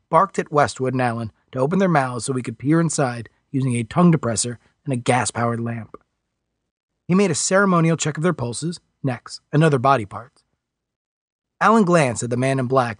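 A man reading a novel aloud as a narrator, in a steady storytelling delivery. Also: mid-range voice, dry recording, clean studio sound. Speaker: audiobook narrator. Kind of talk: scripted narration.

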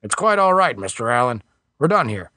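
A man's voice: medium pitch, big pitch swings, fairly quick, sharp tone, no echo, clean studio sound. A man narrating an audiobook voices a polite, formal male customs official. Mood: courteous. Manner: courteous, official.

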